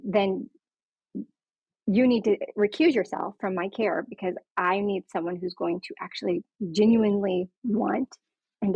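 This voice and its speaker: A woman's voice: mid-range voice, breathy edge, no room sound. A woman frankly and earnestly telling her own story in a conversation, acting out the people she quotes. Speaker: patient sharing her story. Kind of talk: candid personal storytelling conversation. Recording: dull lo-fi dry sound.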